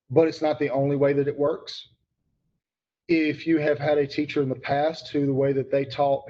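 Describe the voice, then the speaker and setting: A man's voice: on the high side, darkish tone, lo-fi sound. A man teaching grammar to students online, emphatic and repeating key points, calling on students by name.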